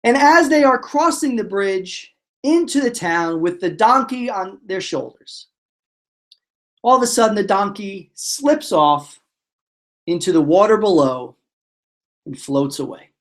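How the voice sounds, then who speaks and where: A man presenting a motivational webinar, telling stories in a lively way and acting out the voices of the characters. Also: high-pitched, unhurried. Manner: animated storyteller, acts out voices. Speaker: motivational speaker.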